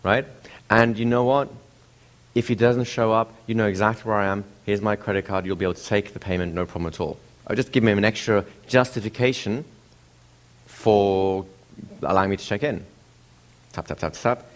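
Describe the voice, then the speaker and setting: A man giving a lecture, telling a story with rhetorical questions to the audience in an animated way. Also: lowish voice, a little fast. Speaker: seminar presenter.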